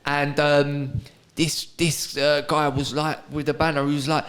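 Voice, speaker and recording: A man's voice: a little high, little pitch movement, unhurried, fairly bright tone. A man hosting a comedy podcast, laughing and swearing loosely as he chats and tells stories. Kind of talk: casual podcast chat.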